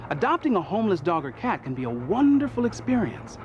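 A man's voice: high-pitched, big pitch swings, brisk, muffled recording, a little hiss or hum. A man presenting a pets show with friendly scripted narration. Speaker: host.

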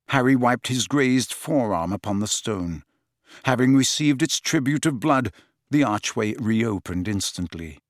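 A man's voice: mid-range voice, dry recording, clean studio sound. Man narrating a dramatic audiobook. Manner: dramatic, varied reading.

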